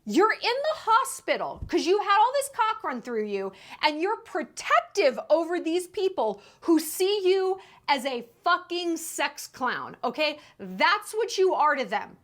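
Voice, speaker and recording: High, lively sarcastic woman ranting. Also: unhurried, few pauses. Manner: sarcastic, incredulous, emphatic. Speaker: commentary YouTuber. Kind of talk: sarcastic commentary rant.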